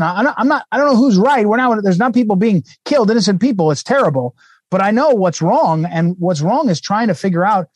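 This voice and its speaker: A man hosting a talk radio show, talking fast and rambling with many fillers and restarts. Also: sits high, dry recording. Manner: rapid, rambling delivery full of fillers and repeated starts. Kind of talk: casual talk radio chat.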